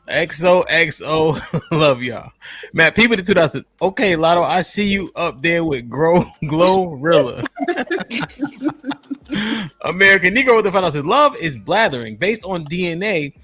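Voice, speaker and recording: A man's voice: fairly high pitch, animated, a little slow, pushed and bright, slightly rough, no room sound. A man hosting a casual live stream, joking and reading viewers' donation messages aloud. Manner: loose and joking, reads chat messages aloud. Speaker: podcast host.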